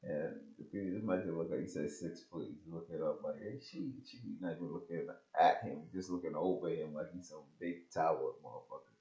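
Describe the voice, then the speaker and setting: A man's voice: a bass voice, fairly even intonation, fairly quick, hardly any pauses, dark tone. A man hosting a reaction video, laughing along and explaining the story in a casual way with some cursing. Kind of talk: commentary reacting to clips. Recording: dull echoey recording.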